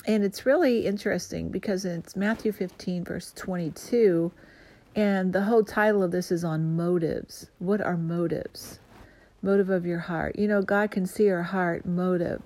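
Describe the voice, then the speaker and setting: Woman in ministry giving an earnest sermon; emphatic, deliberate stresses. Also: on the low side, steady tone, mellow. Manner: earnest, emphatic preaching with slow stressed phrases.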